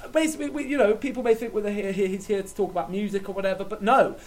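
A man's voice: high-pitched, very fast. A man co-hosting an improvised comedy show in a theatrical, mock-emotional way. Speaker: comedy podcast co-host.

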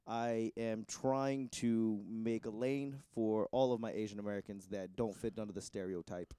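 A man's voice: on the low side, steady tone, normal speed, warm tone, smooth, no echo. A man in his thirties from Boston with a Boston accent, a guest comedian trading self-deprecating jokes on a podcast. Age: 30s. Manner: self-deprecating, jokey, acts out voices in his stories. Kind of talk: podcast banter.

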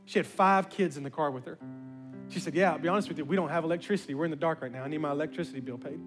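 A man's voice: a little high, rapid-fire, faint music behind. A man pastor telling a story in a sermon, acting out the voices of the people in it. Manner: animated, acts out quoted voices.

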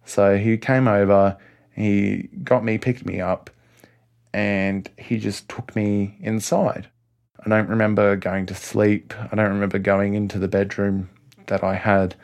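A man with an Australian accent telling a first-person story in a halting way, often restarting his sentences. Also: lowish voice, little pitch movement, gravelly, darkish tone. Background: music score.

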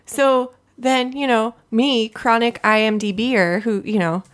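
Podcast co-host, woman, higher pitch, teasing, chatty, casual banter. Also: fairly even intonation, unhurried. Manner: playful and teasing, chatty asides. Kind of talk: casual chat.

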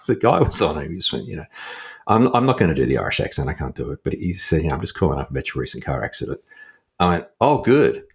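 A middle-aged Australian man with a very deep, husky voice chats as a guest author. He tells stories animatedly, and his pitch swings widely whenever he acts out the people in them. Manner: animated anecdote-telling, laughs often, lively swings into high quoted voices. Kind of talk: casual chat, storytelling.

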